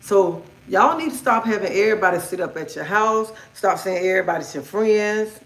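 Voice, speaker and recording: Woman, middle-aged, livestream host, blunt, outspoken, swears freely, mid-pitched, echoey room. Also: animated, normal speed. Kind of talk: casual livestream rant. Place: indoors at home.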